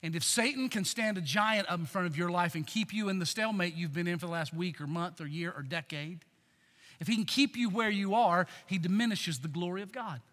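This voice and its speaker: A man's voice: sits high, fairly quick, fairly bright tone. A man preaching a sermon, emphatic and stirring, calling the congregation to respond. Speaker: pastor. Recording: long hall reverb.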